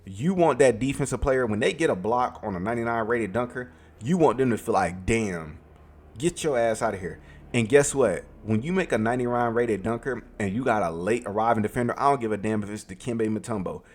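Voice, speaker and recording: A man's voice: mid-range voice, animated, fairly quick. A man giving an emphatic, profane, opinionated rant about a video game, repeating his points for emphasis. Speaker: gaming commentator.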